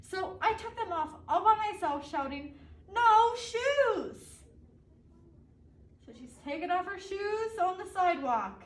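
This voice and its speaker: A woman's voice: extremely high pitch, expressive, moderate pace. A woman reading a picture book aloud to children, stopping to ask them questions. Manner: asks the children questions between pages. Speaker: storybook reader. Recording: echoey room, distant mic, faint ambience.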